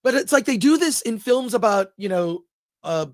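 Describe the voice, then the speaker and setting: A man hosting a film review show, chatting casually and excitedly, rambling as he thinks aloud. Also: extremely high pitch, moderate pace, no echo, clean studio sound.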